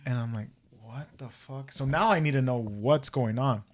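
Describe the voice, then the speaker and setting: A man hosting a podcast, telling a story in a casual, profane, animated way and acting out the voices he quotes. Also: mid-range voice, moderate pace. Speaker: podcast host.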